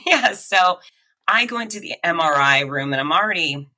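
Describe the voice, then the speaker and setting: A woman's voice: on the low side, normal speed, low-quality recording. A woman guest on a podcast, telling a personal story animatedly, acting out the voices she quotes and laughing often. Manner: animated, acts out quoted voices and sound effects.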